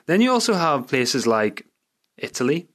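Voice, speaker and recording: A man's voice: on the low side, moderate pace, a bit bright, clear, resonant tone. A young man with a Northern Irish accent, hosting a podcast in a rambling, chatty, self-mocking way. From Northern Ireland. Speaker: podcast host. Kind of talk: casual solo podcast chat.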